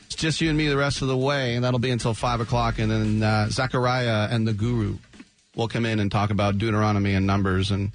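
A man hosting a sports talk radio show, animated and jokey, often slipping into quick mock voices. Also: fairly low pitch, faint music behind. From San Francisco Bay Area. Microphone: studio microphone.

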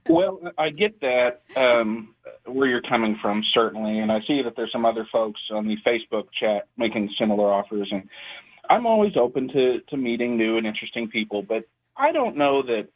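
A man calling in, speaking in a slow, measured, hedging way. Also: medium pitch, animated. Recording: tinny phone line.

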